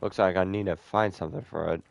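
A young man giving casual let's-play commentary, joking, swearing a lot and letting out sudden loud whoops. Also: deep voice, steady tone, quick pace, gravelly, dull audio, slight background noise. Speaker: gameplay streamer.

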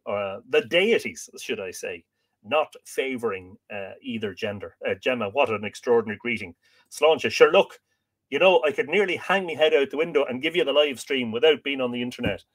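Irish man, livestream host, casual chat, jokey asides, greets viewers by name. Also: medium pitch. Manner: greets viewers by name and jokes between reading comments.

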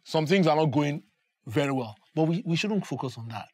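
A man's voice: fairly high pitch, expressive, a little fast, a little mellow. A man, a broadcaster speaking earnestly and emphatically in a roundtable discussion. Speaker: broadcaster and production company founder.

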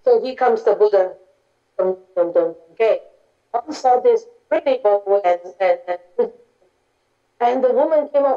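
A woman's voice: fairly high pitch, animated, measured pace, long pauses, soft background music. A woman, a Buddhist nun, giving a dharma talk, telling stories informally with simple grammar and many restarts. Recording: dull lo-fi recording.

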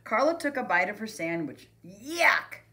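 A woman who is a preschool teacher reads a picture book aloud to children, expressive and speaking to them directly. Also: sits low, normal speed.

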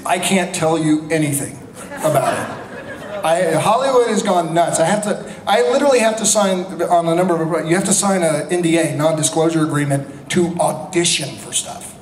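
Energetic fifty-something man telling stories. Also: on the high side, moderate pace. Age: 50s. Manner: energetic, joking, lots of restarts and laughter. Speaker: convention panel guest. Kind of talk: animated anecdotal storytelling. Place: large convention hall. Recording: echoey hall with crowd ambience.

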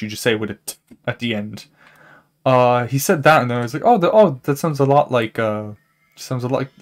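A young man chatting casually with his chat while he plays a game, rambling, saying "like" a lot and laughing often. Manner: animated pitch jumps, laughs often. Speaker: streamer. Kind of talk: casual live-stream chat while gaming.

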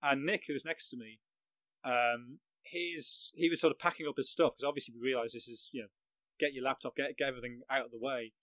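A man's voice: mid-range voice, fairly even intonation, a little fast, a bit bright, dry recording, low-quality recording. A middle-aged man from England recounting a match he covered as a journalist, vivid and self-mocking, laughing at his own story. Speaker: football journalist, guest. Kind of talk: anecdotal storytelling on a podcast.

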